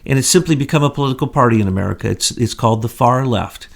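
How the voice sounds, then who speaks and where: An indignant man co-hosting a political talk show, his pitch sitting in an ordinary middle range. He fires off one rhetorical question after another in a heated, accusing commentary. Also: quick pace, vocal fry. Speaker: co-host.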